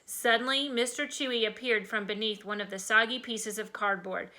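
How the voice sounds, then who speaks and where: A woman who teaches first grade, reading a chapter book aloud to her class with slow, expressive storytelling. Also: on the high side, low-quality recording.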